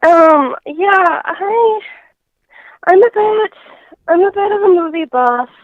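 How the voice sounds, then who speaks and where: A woman guest in a casual interview, talking in a halting way with many fillers and restarts over a phone line. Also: very high-pitched, expressive, no room sound.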